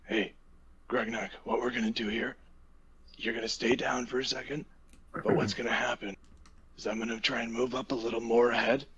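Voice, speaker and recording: A man's voice: mid-range voice, flat delivery, moderate pace, pauses often, fairly bright tone, slight background noise. A man playing in a tabletop game, talking hesitantly and repeating words while he plans. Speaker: player. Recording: dull lo-fi voice chat audio.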